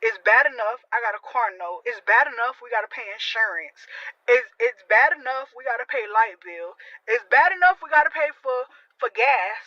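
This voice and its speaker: Pregnant woman, bright, upset profane rant; dry, dull recording. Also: a little high, animated, moderate pace, no room sound. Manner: profane, lists complaints. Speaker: person in a viral clip. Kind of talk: angry rant. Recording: dull tinny dry sound.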